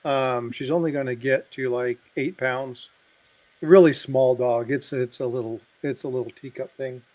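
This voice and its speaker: A man's voice: medium pitch, normal speed. A middle-aged man on a casual live stream, telling jokes and family stories, acting out the voices as he goes. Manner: animated, acts out voices in his stories.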